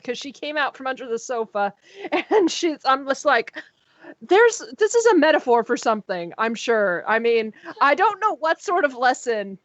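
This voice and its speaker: A woman's voice: sits high, a bit bright, dry recording, highs cut off. A woman guest on a live stream telling a rambling anecdote, often laughing, over a video call. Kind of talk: casual chat on a live stream.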